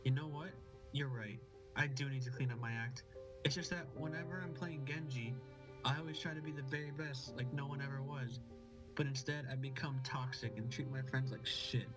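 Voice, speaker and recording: A man voicing a toxic young male ninja hero player in a comedy sketch, shouting crude abuse and then backing down. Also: medium pitch, fairly even intonation, normal speed, over music, lightly acted, rough recording. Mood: sheepish. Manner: screaming profane abuse, then mock contrition.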